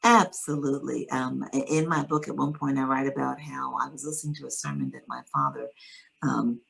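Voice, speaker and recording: A woman's voice: a bass voice, fairly even intonation, fairly quick, gravelly, fairly bright tone, rough recording. A middle-aged woman, an interview guest and author, earnestly recounting a personal faith story with quoted dialogue.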